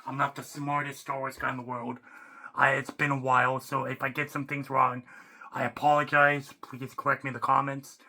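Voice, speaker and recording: A man ranting off the cuff as a fan, rambling and excitable, restarting sentences and swearing casually. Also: medium pitch, moderate pace. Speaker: YouTuber. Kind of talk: unscripted fan rant.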